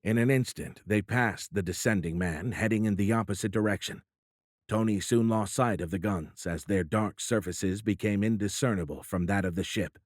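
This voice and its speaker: Middle-aged male audiobook narrator, low and steady, dry studio read. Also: normal speed, no echo. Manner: steady, even storytelling. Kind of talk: scripted narration.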